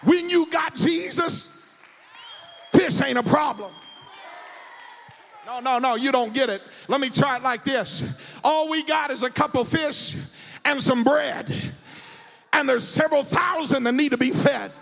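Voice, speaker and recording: A male pastor preaching a sermon, shouting in a sing-song cadence and stammering repeated words. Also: very high voice, a little slow, vocal fry, long pauses, a faint crowd. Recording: reverberant church hall.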